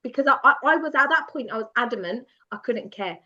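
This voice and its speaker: A woman guest telling a personal story in a lively, self-mocking way, often laughing as she goes. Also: a little high, fast. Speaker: podcast guest. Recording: dull lo-fi sound.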